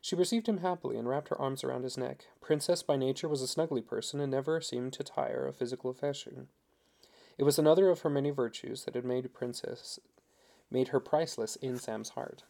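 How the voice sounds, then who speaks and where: A man narrating a story in a steady, unhurried reading voice. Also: mid-range voice, creaky. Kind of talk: audiobook narration.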